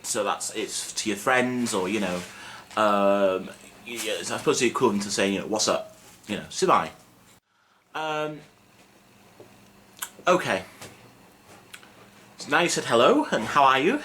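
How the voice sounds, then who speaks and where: A young man teaching a casual video lesson in a relaxed, self-mocking, chatty way with lots of fillers. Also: fairly low pitch, unhurried, pauses often. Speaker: Welsh language teacher. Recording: faint background noise.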